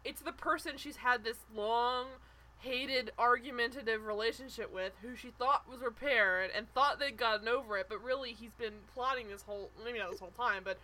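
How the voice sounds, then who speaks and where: A young woman co-hosting a podcast, chatting casually about a reality show, animated and full of "like" and quick restarts. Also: a little high. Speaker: podcast co-host.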